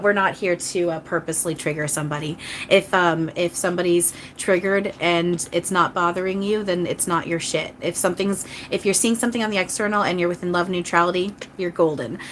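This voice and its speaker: A woman's voice: on the low side, fairly bright tone, slight background noise. A woman channeler chatting casually on a live stream, rambling and earnest, apologizing often to viewers. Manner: chatty, rambling, with frequent restarts. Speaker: channeler giving live readings.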